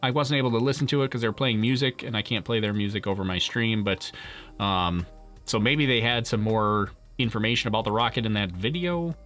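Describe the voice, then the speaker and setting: Over soft background music, a livestream host with a lowish, fairly bright voice chats at a brisk pace during a launch. He answers viewer questions and reads chat casually, rambling with many restarts and laughs.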